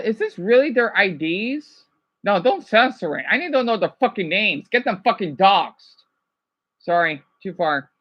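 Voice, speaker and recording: A man's voice: high voice, dull audio. A man from Arizona reacting to a news clip, ranting heatedly with lots of swearing and rambling asides. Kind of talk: profane reaction rant.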